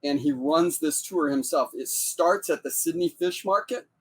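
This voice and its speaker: A chatty man co-hosts a food podcast in a relaxed, playful way. He talks over a video call, his voice sitting a little above the usual male pitch. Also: normal speed, vocal fry, husky. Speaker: podcast co-host. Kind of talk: casual interview chat.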